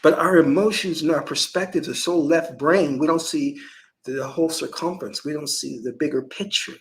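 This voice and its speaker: A man's voice: a little high, moderate pace, low-quality recording. A man who is a Kemetic priest, giving an emphatic, preachy spiritual lecture full of restarts.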